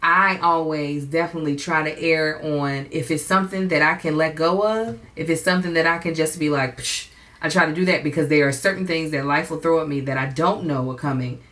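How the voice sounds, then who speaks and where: Low-voiced young woman hosting a podcast. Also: steady tone, brisk, fairly bright tone. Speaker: podcast host. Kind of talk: casual chat.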